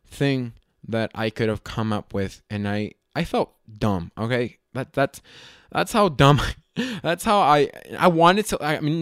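A man casually telling a funny story, animated and self-mocking, swearing freely and often restarting his sentences. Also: mid-range voice, no room sound, clean studio sound.

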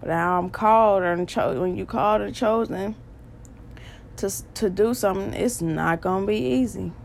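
A woman's voice: medium pitch, gravelly, slight background noise. Earnest woman preaching her testimony. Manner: earnest and repetitive, with quick bursts of emphasis and laughs. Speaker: podcast host. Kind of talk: faith testimony talk, preaching.

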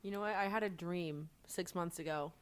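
A woman's voice: on the low side, normal speed. A woman guesting on a podcast, chatting casually and laughing often as she jokes. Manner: giggly and playful, laughs often.

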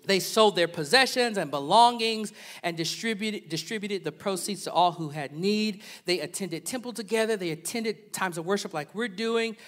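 High-voiced, bright animated male pastor. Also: normal speed, few pauses. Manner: animated, swinging from loud preaching to soft asides. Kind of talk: sermon.

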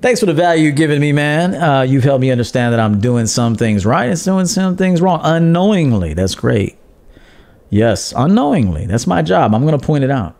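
A man's voice: on the high side, animated, moderate pace, darkish tone. Brash, profane male livestream host. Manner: brash, profane, laughs often, reads out viewer donations. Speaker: podcast host and dating coach. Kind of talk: casual livestream monologue.

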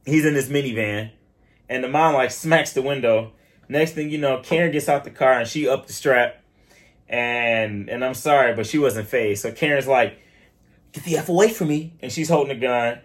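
Man, co-host, chatty, animated storytelling, casual podcast talk. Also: mid-range voice, normal speed. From Michigan. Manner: animated storytelling with quoted voices. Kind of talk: casual chat.

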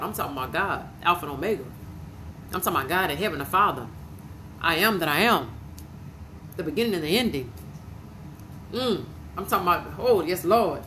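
A woman's voice: lowish voice, expressive, fast talker, fairly bright tone, a little hiss or hum, low-quality recording. Fervent woman preaching a podcast sermon. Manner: fervent, repetitive praise, emotional.

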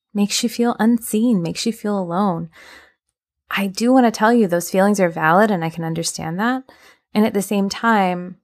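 A woman hosting a podcast, talking through relationship advice in a gentle, earnest way with plenty of ums and uhs. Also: fairly low pitch. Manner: gentle, earnest, filler-heavy explanation. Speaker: podcast host. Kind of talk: casual advice podcast monologue.

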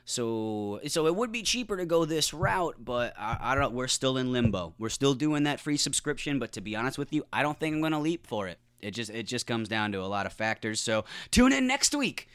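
A man's voice: mid-range voice, very animated, fairly quick, fairly bright tone, clean tone. A man hosting a podcast, ranting casually with sarcastic, profane humor. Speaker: podcast host. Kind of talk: casual comedic rant.

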